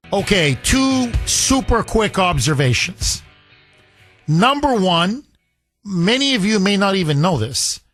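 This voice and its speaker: A man hosting a talk radio show, speaking in an indignant, animated way and taking calls. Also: sits high. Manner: animated, indignant, repeats phone number.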